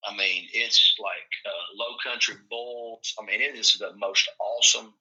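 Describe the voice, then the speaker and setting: A man's voice: fairly low pitch, steady tone, measured pace, sharp tone, highs cut off. A man from Tennessee, a football coach, telling folksy stories in a casual chat and acting out the quotes.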